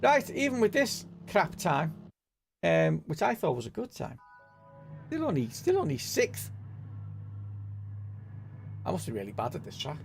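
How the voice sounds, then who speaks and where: He's a livestream host from northwest England running a sim racing stream, his speech marked by a mild Merseyside accent and a habit of saying "know what I mean." His voice sits on the high side with big pitch swings and vocal fry, coming out a little slow with frequent pauses. The casual, rambling chat plays over game music.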